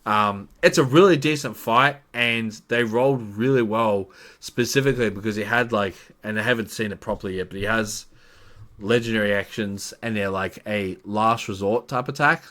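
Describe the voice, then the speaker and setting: Brief: a low-voiced man as game master, giving a loose, rambling recap of a tabletop campaign. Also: normal speed, fairly bright tone. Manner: rambling, with many fillers.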